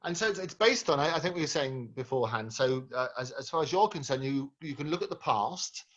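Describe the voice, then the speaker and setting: A man hosting an interview, asking questions haltingly with many restarts. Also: a little high, lively intonation, fairly bright tone. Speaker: interview host. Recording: dull lo-fi sound.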